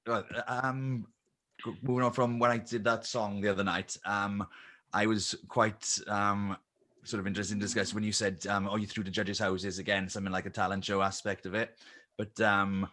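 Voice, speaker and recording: A man, new to the group, pitching ideas on a video call, pausing often with ums and restarts. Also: little pitch movement, pushed and bright. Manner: hesitant, many ums and restarts. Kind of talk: casual chat on a video call.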